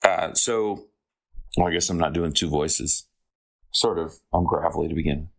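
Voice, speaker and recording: A man's voice: a bass voice, normal speed, vocal fry. A man playing a tabletop game, describing his character's moves in a laid-back, jokey way. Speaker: player. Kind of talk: casual tabletop play.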